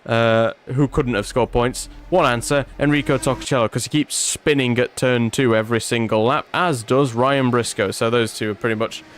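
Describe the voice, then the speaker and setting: A man's voice: mid-range voice, moderate pace, few pauses. A male commentator calls a racing game in a loose, chatty livestream manner. His mid-range voice stays conversational, then climbs when drama hits the track. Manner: chatty, rises excitedly at incidents, asides to chat. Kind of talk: casual livestream race commentary.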